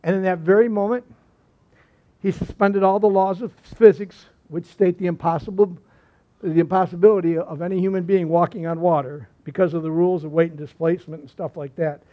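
A man's voice: high voice, steady tone, fairly quick. A male pastor preaching a sermon, telling stories in a folksy way with repeated phrases and asides. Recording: slightly muffled recording.

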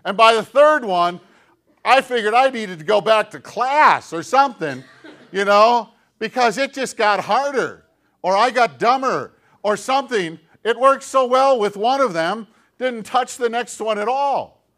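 A middle-aged man delivers a sermon in a casual, conversational manner. His voice sits fairly high for a man. He pokes fun at himself and peppers the talk with rhetorical questions. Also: expressive, a little slow, a bit bright. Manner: conversational, self-deprecating preaching with rhetorical questions. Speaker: pastor.

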